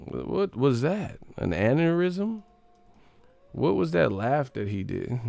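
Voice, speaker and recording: Bay area guy ranting on a sports stream, cussing, animated and laughing, dry close sound. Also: on the low side, slow pace, vocal fry, no room sound. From San Francisco Bay Area. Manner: profane, animated, laughing often. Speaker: host of a sports live stream. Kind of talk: comedic sports rant.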